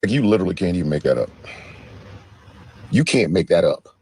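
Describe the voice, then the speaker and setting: A man with a low voice mocks the news, breaking into sing-song impressions of quotes. He keeps a casual, joking manner. The recording is dry and close. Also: very animated, a little fast, a little mellow, breathy edge, dry recording. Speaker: commentator. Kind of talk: casual commentary.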